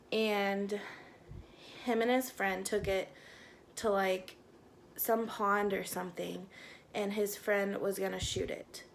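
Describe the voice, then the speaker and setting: A woman chats through a personal story for her vlog, rambling along with fillers and quick self-corrections. Her voice has a noticeable gravelly fry, and her pitch sits in a middle range for a woman. There is a faint hiss behind her. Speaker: vlogger telling a personal story. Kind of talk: casual storytime chat.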